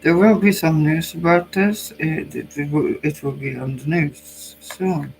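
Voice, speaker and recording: A man with a Norwegian accent and a cold gives a tarot reading. He speaks slowly in a fairly high voice, pausing and thinking aloud, with a faint hum behind him. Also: fairly even intonation, a little mellow, poor audio. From Norway. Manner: musing, hesitant, thinks aloud. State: has a cold. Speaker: psychic channel host.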